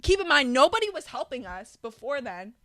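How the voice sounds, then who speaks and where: A young adult woman co-hosting a podcast, telling a story in a casual, expressive, exasperated way. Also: sits high, brisk, no echo, clean studio sound. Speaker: podcast co-host. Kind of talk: casual chat.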